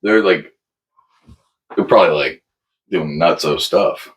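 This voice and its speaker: A man in loose podcast chat, full of fillers and quick to laugh. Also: low-pitched, distant mic, slight background noise, poor audio. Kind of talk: casual chat.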